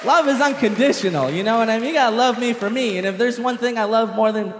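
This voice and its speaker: A young man doing a stand-up comedy set, telling a story with animated delivery and shouted punchlines. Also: extremely high pitch, fast talker, long reverb tail, some chatter behind, slight background noise. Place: comedy stage with live audience.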